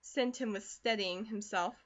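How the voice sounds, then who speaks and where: A woman narrating a classic novel audiobook in a measured storytelling manner. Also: medium pitch, a bit bright, dull audio. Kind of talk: scripted narration.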